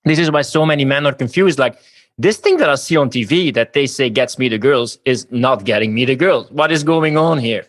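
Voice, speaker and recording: A man's voice: medium pitch, brisk. A man on a podcast ranting scornfully in casual chat.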